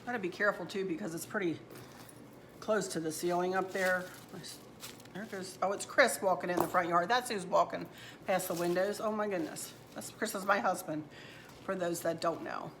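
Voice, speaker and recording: A lowish-voiced middle-aged woman talks at a normal speed, with background noise in the recording. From inside her home, this home decor channel host casually shows her fall decorating and crafts, chatting homily and calling her viewers y'all.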